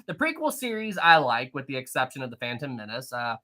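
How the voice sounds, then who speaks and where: A man's voice: mid-range voice, big pitch swings, pushed and bright. A man with a Southern US accent who hosts a history livestream, chatting casually and laughing as he answers viewer comments. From West Virginia. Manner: jokey, chatty, quick to laugh. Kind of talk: casual live-stream chat reading viewer comments.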